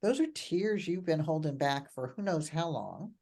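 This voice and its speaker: Older female mentor, low-pitched, animated and emphatic in conversation. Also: normal speed. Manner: animated, laughing, repeats phrases for emphasis. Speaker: coach and mentor. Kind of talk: reflective conversational talk.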